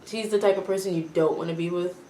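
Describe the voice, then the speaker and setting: A young American woman from Florida chatting with her roommates, telling a story with lively, shrieking acted-out quotes. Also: lowish voice, quick pace, roomy sound, slight background noise. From Florida, USA. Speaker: vlogger. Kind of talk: casual chat, mukbang.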